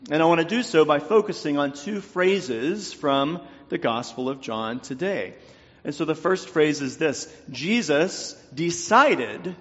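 Man, preacher, faint southern accent, slightly high voice, long church reverb, muffled sound. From North Louisiana. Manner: measured, deliberate delivery with pauses in lists. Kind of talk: sermon. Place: church sanctuary.

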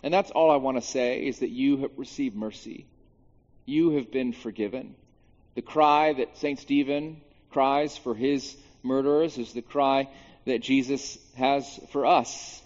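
A man, a pastor, preaching a sermon in an animated way, swinging between hushed and loud moments, with jokey asides. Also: mid-range voice, measured pace. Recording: dull sound with long reverb in a large hall.

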